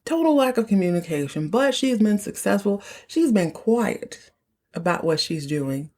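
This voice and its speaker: A woman podcast host giving a chatty, animated recap of a TV episode and acting out the characters' lines. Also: mid-range voice, moderate pace.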